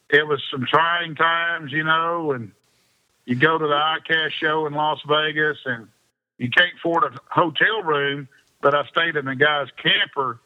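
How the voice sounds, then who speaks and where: A man, an interview guest spinning long rambling anecdotes in a casual chat and laughing often. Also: a little high. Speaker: interview guest, fishing pro. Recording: dull lo-fi sound.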